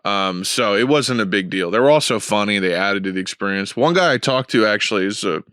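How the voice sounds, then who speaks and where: A man's voice: on the low side, expressive, fairly quick, fairly bright tone, clean tone, no echo, studio quality. Rambling, profane young man hosting a podcast. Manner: rambling, profane storytelling with fillers. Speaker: podcast host. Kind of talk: casual chat.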